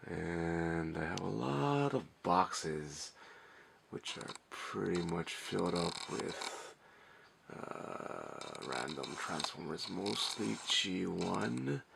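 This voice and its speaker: A young man speaking quietly and in a monotone, with many fillers, as he shows his toy collection in a messy room late at night. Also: deep voice, vocal fry, background noise. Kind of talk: casual walkthrough vlog.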